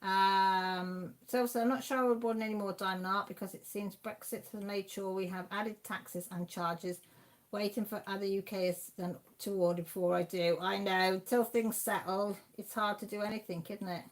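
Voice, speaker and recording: A woman's voice: medium pitch, fairly even intonation, normal speed. A woman hosting a craft livestream, chatting casually as she reads out viewer messages and answers them. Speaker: livestream host. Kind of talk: casual chat reading viewer comments.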